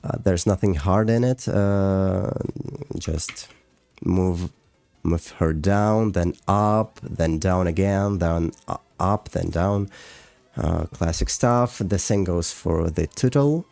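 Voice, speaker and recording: Russian-accented male streamer, low and unhurried, hesitant and filler-heavy. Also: gravelly, dark tone, no room sound. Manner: halting and hesitant, with frequent fillers and restarts. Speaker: streamer and animator. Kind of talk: casual livestream chat, reading chat and explaining.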